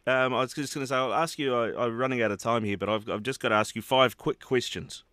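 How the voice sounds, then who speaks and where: A man's voice: mid-range voice, fairly even intonation, fast talker, fairly bright tone, no room sound. A man hosting a radio show, asking questions in a friendly, chatty way. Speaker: radio show host, interviewer. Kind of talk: casual interview.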